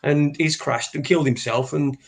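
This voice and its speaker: A man's voice: fairly high pitch, fairly even intonation, normal speed. A man, co-hosting a casual chat and telling rambling, sweary stories. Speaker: podcast co-host.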